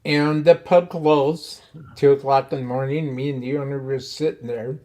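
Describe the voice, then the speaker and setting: This podcast host recounts a personal anecdote with casual energy and frequent laughs. He speaks at a moderate pace with a medium-pitched voice.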